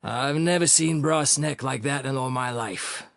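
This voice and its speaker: A man's voice: medium pitch, unhurried, gravelly, fairly bright tone, dry recording, clean studio sound. A man voicing a deferential male porter, polite and apologetic yet emphatic.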